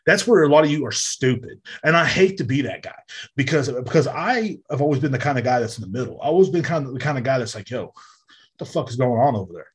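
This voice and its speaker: An American man hosts his own podcast from a home room near a street, speaking into a desk mic. He rants casually and profanely, rambling with frequent fillers. His mid-range voice is slightly rough, quick, and lively in intonation.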